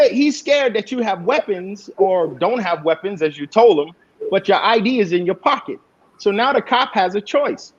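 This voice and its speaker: A man's voice: high-pitched, husky, highs cut off. A man on a talk panel, giving emphatic advice and arguing his point. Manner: emphatic, argumentative. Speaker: panel guest. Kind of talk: casual panel discussion.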